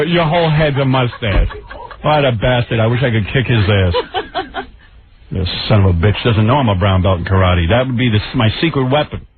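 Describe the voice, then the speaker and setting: A man hosting a talk radio show in a brash, mocking manner, taking calls and trading insults. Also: medium pitch. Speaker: radio host. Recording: phone-quality radio broadcast.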